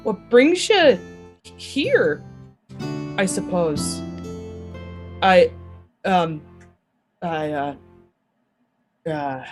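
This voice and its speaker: A woman voicing a tired, soft-spoken older father who speaks hesitantly. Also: huge pitch swings, soft background music, full character voice. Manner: hesitant, halting, low.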